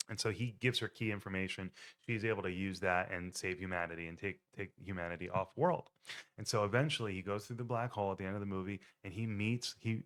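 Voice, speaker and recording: A man's voice: on the low side, fairly bright tone. A man hosting his own podcast, retelling a film plot in a rambling, self-correcting way. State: choked up, near tears; tired. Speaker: podcast host. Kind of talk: casual film recap monologue.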